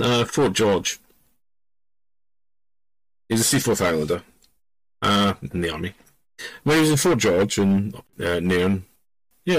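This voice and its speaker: A man's voice: fairly low pitch, no echo, low-quality recording. A middle-aged man from Scotland, a podcast host telling stories in a rambling, digressive way that keeps losing the thread. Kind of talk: casual spoken storytelling.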